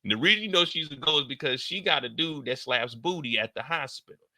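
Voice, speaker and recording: Male live-stream host, casual reaction commentary; very bright, tense tone, close and dry; animated, slangy delivery. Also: fast, no echo. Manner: animated slangy storytelling with sudden loud, high outbursts.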